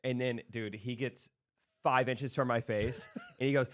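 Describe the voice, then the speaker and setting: A man's voice: medium pitch, steady tone, measured pace, fairly bright tone. A man with a Midwestern American accent co-hosting a podcast, telling stories animatedly and acting out the other people's lines. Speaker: podcast co-host. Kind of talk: casual storytelling chat.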